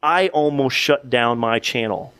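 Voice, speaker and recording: A man's voice: mid-range voice, a little slow, a bit bright, clear, resonant tone, no room sound. A young man co-hosting a podcast, telling a long story in casual chat with many restarts and fillers. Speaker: podcast co-host.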